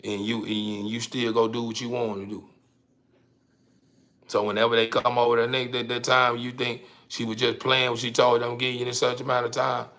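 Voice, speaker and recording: A man's voice: mid-range voice, level tone, moderate pace, pushed and bright. A man hosting a livestream, ranting casually with profanity, stumbles and repeated words. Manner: repetitive, stumbling, profane, laughing. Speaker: livestream host.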